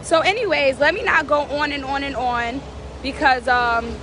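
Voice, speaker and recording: A woman's voice: sits high, normal speed, background noise. A woman vlogger giving fervent, preachy encouragement, repeating phrases for emphasis. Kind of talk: casual inspirational talk.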